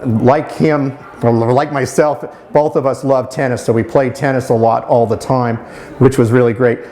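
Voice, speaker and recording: A man in his fifties, remembering his school days in an interview. He speaks at a middle pitch with a fond, admiring tone, often pausing, restarting and filling gaps with "you know". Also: darkish tone. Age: 50s. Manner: halting, with many restarts and "you know" fillers. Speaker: alumnus interviewee. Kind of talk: reminiscing interview answers.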